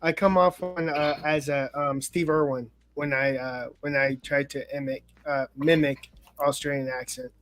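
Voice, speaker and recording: A man's voice: on the high side, fairly even intonation, a bit bright. A man speaking hesitantly as a panelist in a casual live-stream chat. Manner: hesitant, halting.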